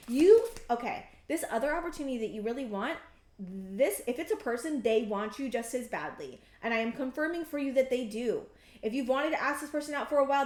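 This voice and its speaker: A woman's voice: high voice, reverberant. A woman in her thirties giving an earnest, emphatic pick-a-card tarot reading, often restarting her sentences. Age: 30s. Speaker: tarot reader.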